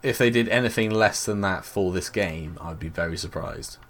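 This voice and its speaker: A man's voice: deep voice, moderate pace. A British man co-hosting a podcast, chatting casually and giving opinions with frequent filler words. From Britain. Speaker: podcast co-host. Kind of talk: casual chat. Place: Bristol.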